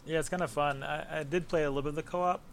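A man from the Bronx, New York, a games writer appearing as a podcast guest, talks casually in a slightly high, steady voice at a rapid-fire pace. He rambles with fillers and laughter, and there's slight background noise.

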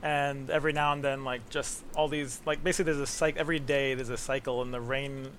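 A man's voice: medium pitch, steady tone, fast talker, fairly bright tone, a little hiss or hum. A man from the Bronx, talking casually as a podcast guest, rambling with fillers and laughter. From the Bronx, New York. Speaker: podcast guest, games writer. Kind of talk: casual conversation.

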